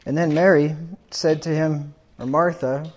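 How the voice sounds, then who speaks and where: A man's voice: fairly high pitch, fairly even intonation, measured pace, lo-fi sound. A man preaching a funeral sermon, reading scripture aloud with rising emphasis.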